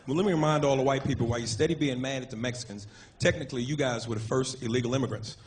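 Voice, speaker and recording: A man doing a stand-up comedy set, brash and profane, telling animated stories on a club stage. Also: mid-range voice, rapid-fire. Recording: live club with loud crowd and noise.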